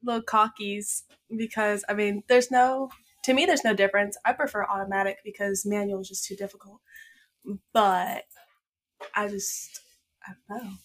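A woman's voice: mid-range voice, level tone, moderate pace, fairly bright tone. Plainspoken woman guest on a podcast. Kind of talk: casual podcast chat. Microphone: headset.

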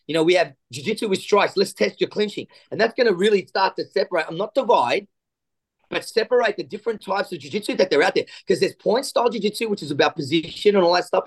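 A jiu-jitsu coach, a man, talks in an animated podcast interview and acts out the voices in his stories. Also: sits high.

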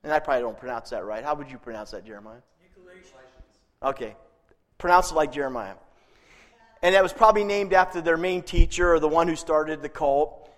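A man's voice: on the high side, quick pace. A male pastor preaching a sermon in a chatty way, chuckling at his own jokes. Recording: long reverb from a hall.

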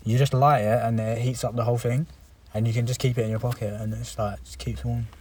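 A man's voice: mid-range voice, level tone, quick pace, a little mellow, recorded from a distance, a little hiss or hum. A young man, co-hosting a podcast in casual chat, laid-back and slangy, swearing freely, recorded inside a car. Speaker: podcast co-host.

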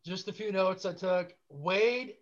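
A man's voice: high-pitched, takes it slowly. A man guest-hosting a casual wrestling chat, enthusiastic and swearing, repeating how good it was. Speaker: guest co-host. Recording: dull lo-fi sound.

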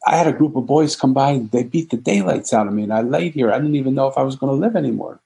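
A man's voice: mid-range voice, expressive, fast, vocal fry, mellow, voice pushed up. A man voicing a despairing, ashamed homeless man in an emotional retelling.

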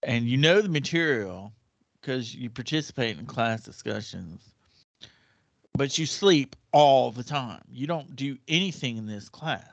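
A man's voice: mid-range voice, animated, unhurried, creaky, dry recording, dull audio. A man quoting a resentful young female classmate who accuses him of cheating, in a pressing, indignant way. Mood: accusing.

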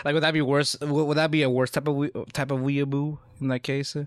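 Co-host, man, excitable and profane, slightly high voice, dry close mic. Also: normal speed, no echo. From Chicago area. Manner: excitable, swears, stumbles and restarts. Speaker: podcast co-host. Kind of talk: casual chat.

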